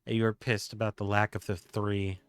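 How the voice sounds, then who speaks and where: Fond teasing young woman voiced by a man, low voice, dry close mic, faint music. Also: flat delivery, normal speed, clear, resonant tone, no echo, close to an everyday voice. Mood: amused. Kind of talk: game dialogue read aloud by a streamer.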